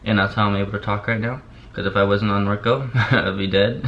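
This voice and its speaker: A man's voice: lowish voice, fairly even intonation, brisk, fairly bright tone. Groggy young man talking through a sore jaw. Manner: rambling, repeats himself, lots of "like". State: drowsy on pain medicine, barely opening mouth. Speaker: vlogger. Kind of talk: casual chat to camera. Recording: dull lo-fi sound with faint hiss.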